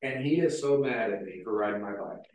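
Preaching in a lowish, darkish voice that's expressive and fairly quick, this pastor keeps things chatty and tells stories, using "like" as frequent filler. The mic sits far off in a very echoey hall.

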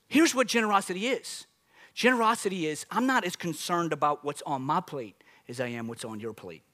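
A male pastor in his forties delivers a sermon in a high, bright voice. He talks to the congregation like a conversation, asking questions and drawing them in.

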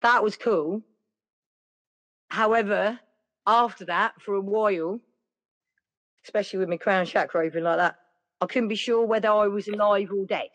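A woman's voice: mid-range voice, normal speed, pauses often. A woman telling a personal story in a rambling, chatty way, full of "like" and "yeah". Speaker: podcast guest. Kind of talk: casual storytelling.

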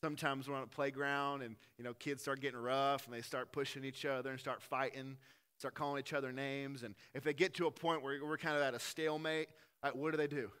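A man preaching a sermon, swinging between loud emphasis and quiet, earnest moments. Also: medium pitch, flat delivery, brisk, clean tone. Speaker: pastor.

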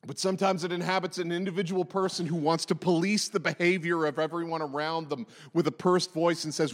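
A man's voice: a little high, fairly even intonation, brisk, few pauses, long reverb tail. A man in his forties preaching a sermon, impassioned and emphatic, hammering repeated phrases. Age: 40s. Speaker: pastor.

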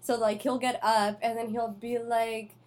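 A woman hosting a casual chat, talking in an animated, chatty way full of fillers. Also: on the high side, a little slow.

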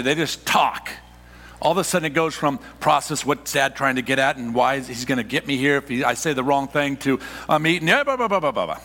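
A middle-aged man preaching a sermon as a pastor, animated and exclamatory, often stammering and repeating words as he presses his points. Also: mid-range voice, long reverb tail.

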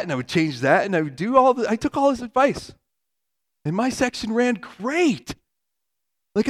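A man with a fairly high voice preaches a sermon. He talks casually and earnestly, as if chatting with the congregation. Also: fairly bright tone. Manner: conversational, earnest, with asides and laughs. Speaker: pastor.

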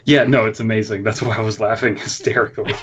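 A man's voice: on the low side, little pitch movement, noisy background. Giggly man on a muffled podcast mic. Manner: giggly, quick to laugh. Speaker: podcast co-host. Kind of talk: comedic podcast chat.

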